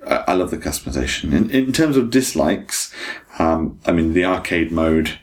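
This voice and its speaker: Game podcast co-host: man, very low voice, enthusiastic casual reviewer. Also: very animated, moderate pace. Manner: enthusiastic, laughs often.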